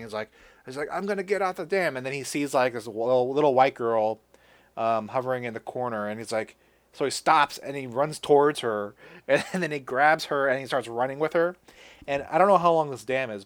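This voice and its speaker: A man hosting a podcast, casually recapping a movie with lots of restarts and offhand swearing. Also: mid-range voice. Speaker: podcast host. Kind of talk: casual chat.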